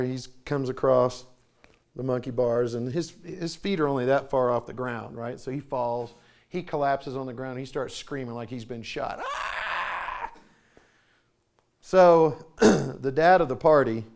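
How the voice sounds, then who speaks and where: Speaking at a church conference, a middle-aged man gives a storytelling sermon in the sanctuary, folksy in manner and acting out voices. His voice is medium-pitched and a little mellow.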